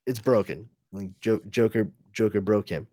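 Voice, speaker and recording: A man voicing a brooding, self-absorbed male caped crusader in a low, hushed delivery. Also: steady tone, normal speed, no room sound, natural voice.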